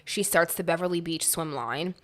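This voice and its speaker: Woman co-host from Connecticut, lowish voice, blunt and profane. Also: moderate pace. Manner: blunt, profane, heated ranting. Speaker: podcast co-host. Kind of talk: casual chat.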